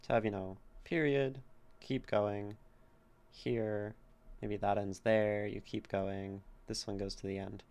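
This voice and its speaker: A man's voice: fairly low pitch, slow pace, a little mellow, smooth. A man streaming a casual poetry critique, thinking aloud and sounding out the stresses of words. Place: home streaming setup.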